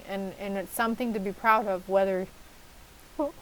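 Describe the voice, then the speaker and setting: A woman's voice: mid-range voice, steady tone, moderate pace, long pauses, slight background noise, rough recording. A woman giving a casual tarot reading to her viewers, chatty and reassuring, with casual swearing and asides to herself. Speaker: tarot reader.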